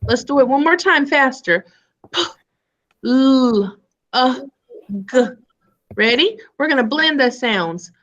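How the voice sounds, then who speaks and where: A woman teaching a live online phonics lesson to young children over a video call, sounding out letters in a slow sing-song way. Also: high-pitched, animated, fairly bright tone, dull audio.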